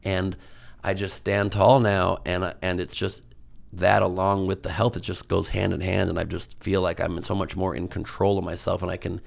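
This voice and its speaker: A man's voice: sits low, little pitch movement, normal speed, creaky. A man, a comedian guest on a podcast, telling stories in a rambling, self-mocking way with lots of fillers. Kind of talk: casual podcast storytelling.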